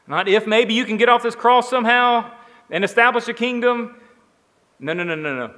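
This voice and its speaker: A man preaching a sermon, emphatic, building on repeated phrases and swinging between quiet, slow lines and raised ones. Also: extremely high pitch, in a large hall. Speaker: pastor.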